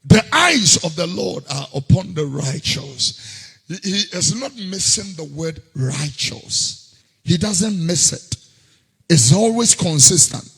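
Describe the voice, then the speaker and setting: Ghanaian man preaching, high lively voice, husky, sing-song bursts, echoey hall. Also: slow pace. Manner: swings between quiet reading and sudden shouts, sing-song delivery. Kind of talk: sermon.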